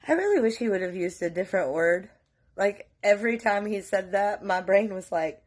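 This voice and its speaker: A woman from North Carolina telling a story in a casual, profane, animated way, often laughing. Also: mid-range voice, fairly quick. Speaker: vlogger.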